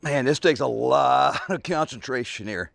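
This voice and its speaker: A man's voice: medium pitch, moderate pace, gravelly, fairly bright tone, no echo. A man in his forties, a fitness coach, talking casually while demonstrating heavy carrying exercises outdoors, out of breath, grunting and sighing with effort between sentences. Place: outdoors in a backyard.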